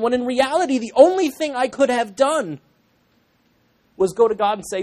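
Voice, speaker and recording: A man's voice: sits high, animated, a little fast. A young Irish man in his twenties, a pastor in training, preaching a sermon to a congregation in an earnest, emphatic way with self-deprecating asides.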